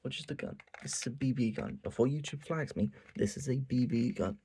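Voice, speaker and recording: A man hosting his own channel, giving an animated, profane recap of a manga and acting out quotes as he goes. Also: medium pitch, fairly quick, slight background noise. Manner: animated, swears a lot, acts out quotes. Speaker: channel host.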